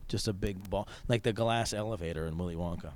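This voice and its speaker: A man's voice: deep voice, fast, darkish tone. A man hosting a podcast, chatting casually and jokily, rambling with lots of restarts. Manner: rambling, jokey, many restarts, puts on voices in quoted bits. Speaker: podcast host. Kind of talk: casual chat. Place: quiet basement room of a convention center.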